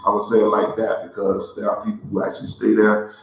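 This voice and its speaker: In a very echoey, large room inside a historic building, a man hosts a cigar show with a lowish, monotone, creaky voice and a quick pace. He speaks in a casual, heartfelt way but rambles, restarting his thoughts and repeating "let me say it like this here."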